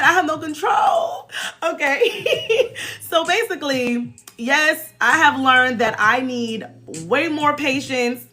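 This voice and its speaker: A woman hosting a live stream in casual, bubbly chat. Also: high voice. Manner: bubbly, laughs often, animated.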